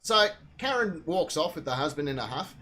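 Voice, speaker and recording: A woman's voice: low voice, sing-song, fairly quick, fairly bright tone, slight background noise. An Australian woman, a comedian hosting a live comedy chat show, who tells a story with lots of swearing.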